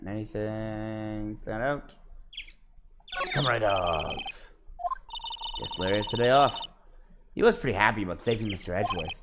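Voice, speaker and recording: A man's voice: on the low side, lively intonation, normal speed, pauses often, very noisy. A man streaming a video game, reading its dialogue aloud with casual joking asides. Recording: game music behind the voice.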